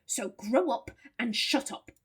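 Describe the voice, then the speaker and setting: A woman's voice: on the high side, expressive, slow pace, a bit bright, slightly rough, full character voice. Woman reading a curt, stressed man. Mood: harsh. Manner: harsh, curt.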